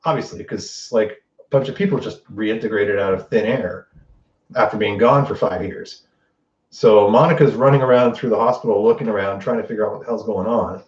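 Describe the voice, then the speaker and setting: Low-voiced man in a roomy, distant recording. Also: a little fast. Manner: animated and profane, acts out quotes. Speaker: host. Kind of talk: casual spoiler recap. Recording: distant roomy dull lo-fi mic.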